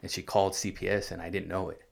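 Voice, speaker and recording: A man with a very low, gravelly voice shares his life story as a guest in an interview. He speaks earnestly and haltingly, with frequent restarts and fillers. He grew up in California. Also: flat delivery.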